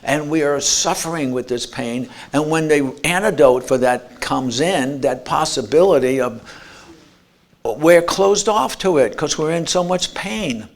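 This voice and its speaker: A man's voice: a little high, unhurried, gravelly. A man giving an earnest motivational talk at an expo, telling stories and restarting words. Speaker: speaker. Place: expo lecture room.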